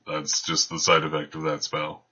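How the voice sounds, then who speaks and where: Deep-voiced man running a tabletop game. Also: monotone, normal speed, sharp tone, breathy edge. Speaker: game master. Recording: dull lo-fi sound.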